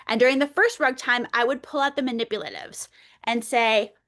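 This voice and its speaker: High-voiced animated woman teacher. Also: a little fast. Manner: animated, playful teacher voice, role-plays speaking to children. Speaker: early childhood educator leading a webinar. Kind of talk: teaching workshop with demonstration.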